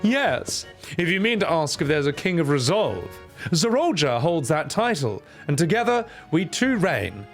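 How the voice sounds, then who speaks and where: A man voicing a regal, composed queen in a game, speaking in a stately, measured way. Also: on the high side, very animated, soft background music.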